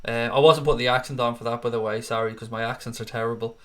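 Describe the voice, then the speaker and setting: A man's voice: medium pitch, fairly even intonation, fast, a bit bright. A man, chatting casually as host of a live stream and reading out viewer comments. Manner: chatty, casual, swears freely.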